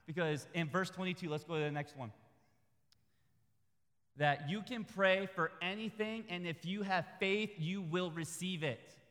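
A man preaching a sermon in a conversational, humorous way that builds to loud, high peaks. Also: a little slow, in a large hall.

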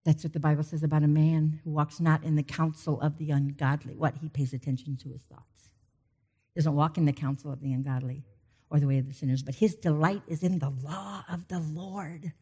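A woman preaching a sermon, emotional, swinging from loud exhortation to soft, intimate passages. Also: low voice, fairly even intonation, brisk, husky.

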